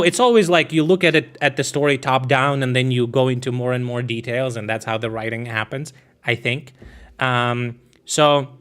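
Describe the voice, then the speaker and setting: A man's voice: medium pitch, a bit bright. A man streaming, talking in a casual, meandering way with lots of swearing, fillers and restarts. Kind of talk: rambling casual stream chat.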